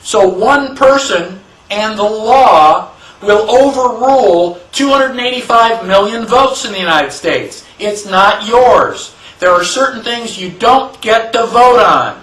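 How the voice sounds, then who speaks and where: A man's voice: high voice, lively intonation, slow pace, fairly bright tone. A man teaching a class on the constitution, in an emphatic style that is full of rhetorical questions. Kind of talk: classroom lecture. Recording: echoey room, mic far off.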